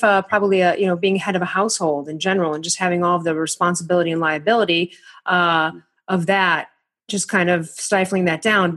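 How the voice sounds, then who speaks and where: A woman's voice: lowish voice, fairly bright tone, husky. A woman hosting a podcast interview, talking in a reflective, searching way and often restarting her thoughts. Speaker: podcast host.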